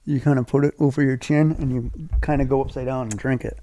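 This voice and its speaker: A man's voice: mid-range voice, level tone, fast, warm tone. A man in his forties from southeastern Massachusetts, co-hosting a podcast and telling stories in a loose, casual way with some swearing. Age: 40s. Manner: loose, profane storytelling. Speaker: podcast co-host. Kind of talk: casual chat.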